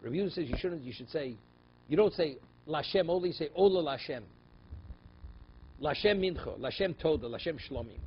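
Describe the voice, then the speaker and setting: A man's voice: fairly high pitch, lively intonation, quick pace, slightly rough, dull audio. A man, a rabbi, teaching a daily Talmud class, explaining in English mixed with Hebrew and Aramaic terms and checking in with "right?" and "okay?". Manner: rhetorical questions, frequent "right?" and "okay?".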